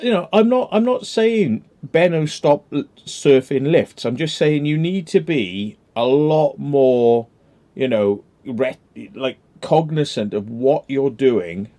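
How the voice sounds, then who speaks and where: A man's voice: mid-range voice, animated, slow, warm tone. A man in casual chat who talks hesitantly, repeating words and swearing casually.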